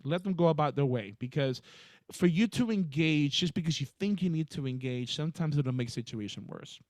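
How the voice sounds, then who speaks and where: A man with a fairly high voice talks on a podcast, telling stories in an emphatic, animated way. The sound is close and dry with no room echo. He has a casual, conversational delivery. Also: brisk. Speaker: podcast co-host, HR professional.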